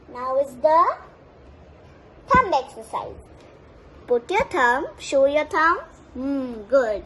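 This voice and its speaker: A woman with an Indian English accent teaches small children, her voice very high and sing-song. She speaks slowly and cheerfully, counting aloud over a faint background hum. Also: lively intonation, a bit bright. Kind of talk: online class instruction for young children.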